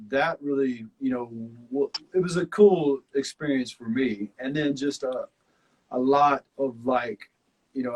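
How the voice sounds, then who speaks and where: A man's voice: medium pitch, husky, low-quality recording. A man with a Southern accent, chatting casually and reflectively about his time on a survival show. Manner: relaxed, rambling, many fillers. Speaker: former survival show contestant. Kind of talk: casual chat.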